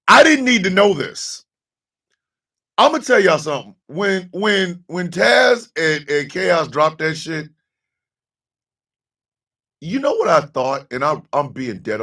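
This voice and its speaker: Animated, shouting morning show host man. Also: high-pitched, recorded from a distance. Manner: repeats and restarts words, joking. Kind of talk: livestream morning show banter.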